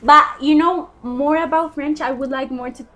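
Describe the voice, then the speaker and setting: Excitable high-pitched teen girl co-host. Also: normal speed. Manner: eager, excitable, repeats prompts. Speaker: student co-host. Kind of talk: casual school festival interview.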